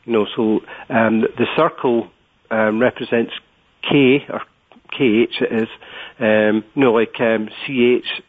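A man's voice: mid-range voice, fairly even intonation, unhurried. A Scottish man talking as a guest, his voice in a middle register and thin, squeezed through a narrow phone line. He gropes for words, stacking up little fillers before each point. Then he lands his point steadily. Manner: hesitant, many filler words. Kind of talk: interview over the phone.

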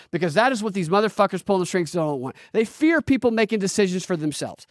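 A man talks close to the mic in a dry, deadened space, his voice sitting a touch higher than most men's. He hosts a live political podcast and rants in a heated, profane, rambling way, with restarts and bursts of laughter. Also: animated, fast talker, few pauses, no room sound. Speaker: podcast host. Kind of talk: live-streamed political commentary rant.

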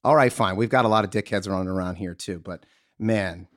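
A man's voice: low-pitched, a little fast, a bit bright. A man co-hosting a comedy podcast, ranting bluntly and swearing in casual chat. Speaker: podcast co-host.

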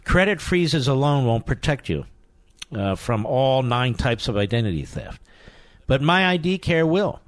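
A man's voice: mid-range voice, sing-song, normal speed, no echo. Emphatic male talk radio host, dry mic. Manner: emphatic, repeats key phrases for emphasis.

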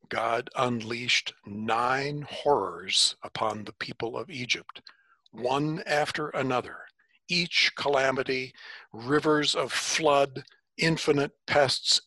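A man telling a story in the first person, unhurried, with dramatic pauses. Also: medium pitch, pushed and bright, slightly rough, dry recording.

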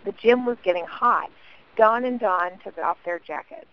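A woman's voice: medium pitch, moderate pace. Give me a woman on a phone line reading a short script aloud, her voice dull and lo-fi through the call.

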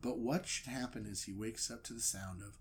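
A man's voice: lowish voice, fairly even intonation, fairly quick. A man telling a comedic story in a rambling way, often breaking into laughter. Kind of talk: comedic retelling.

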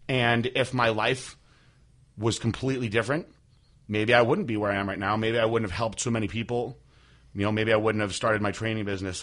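A young man hosting a podcast, telling a personal story candidly, with many fillers and halting restarts. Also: on the low side, fairly bright tone. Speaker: podcast host.

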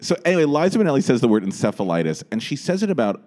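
A man hosting a podcast, telling a story in a rambling, animated way with frequent restarts, in a small podcast room. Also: medium pitch, rapid-fire. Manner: rambling, animated, lots of restarts and self-interrupting. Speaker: podcast host. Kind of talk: casual storytelling chat.

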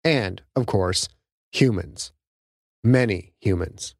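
A man narrating his own novel as an audiobook, reading in a dramatic, lively way. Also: fairly low pitch, slow, dry recording, studio quality. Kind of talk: scripted narration.

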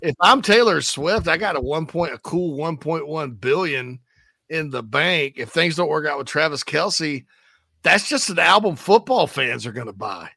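A man rambles and jokes through sports talk chatter, his voice gravelly and bright. He sits a little higher than most men, and the sound is dry and close. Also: animated, no echo. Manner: joking, rambling, quick asides. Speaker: sports talk show host. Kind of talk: casual chat.

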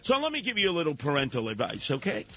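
High, bright-voiced ranting New radio host. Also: male voice, fast talker, breathy edge. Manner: animated ranting, sarcastic rhetorical questions, acts out quoted people. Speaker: radio talk show host. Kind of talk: call-in talk radio monologue.

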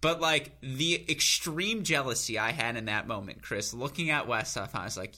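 A man co-hosting a podcast, telling rambling self-mocking stories with bursts of high laughter. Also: expressive, normal speed, hardly any pauses, pushed and bright. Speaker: podcast co-host. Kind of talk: casual chat.

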